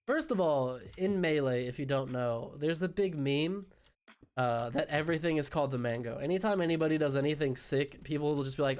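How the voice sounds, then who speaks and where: A man's voice: on the high side, brisk, faint music behind. A young man with a voice worn by sickness, chatting casually on a live stream, joking, swearing and answering chat. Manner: swearing, jokey, reads chat aloud. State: sick, voice going out.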